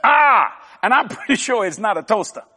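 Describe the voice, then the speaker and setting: A man's voice: high-pitched, expressive, fast talker, pushed and bright. An older man preaching a sermon, folksy and emphatic, joking with his congregation. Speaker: televangelist preacher. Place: large church hall. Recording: long hall reverb.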